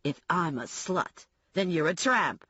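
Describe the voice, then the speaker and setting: A woman reading as a catty, indignant rival, shrill and insulting, her pitch swinging widely. The sound is a touch husky and dull. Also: lively intonation, measured pace, bright, forceful tone, no echo, exaggerated voice.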